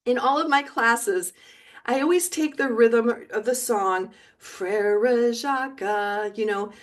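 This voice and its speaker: A middle-aged woman teaching a video lesson, encouraging and repeating words slowly for learners, now and then singing along. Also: a little high, expressive. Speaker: Spanish teacher.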